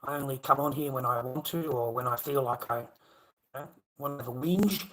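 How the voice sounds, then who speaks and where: A man's voice: medium pitch, fairly quick, fairly bright tone, a little hiss or hum, poor audio. Rambling, swearing Australian man. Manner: rambling, swears a lot, often trails off into mumbling. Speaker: livestreamer. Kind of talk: casual rambling livestream chat.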